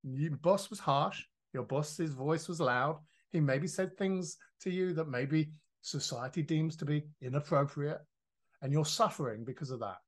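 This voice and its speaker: A man, a podcast guest explaining his ideas in a lively, casual way, acting out quoted voices and swearing now and then. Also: on the high side, unhurried. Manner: animated, swears freely, acts out quoted voices.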